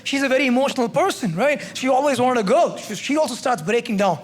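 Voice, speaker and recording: A man doing stand-up on a comedy club stage, telling a story in an animated way with frequent tag questions. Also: very high-pitched, fast, a little hiss or hum.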